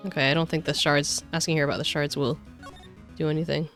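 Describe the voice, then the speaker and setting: A woman streamer who chats casually while she plays, wandering off into rambling, self-deprecating asides. Her voice sits fairly low for a woman. Soft music plays faintly behind her. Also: a little fast. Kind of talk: casual game commentary.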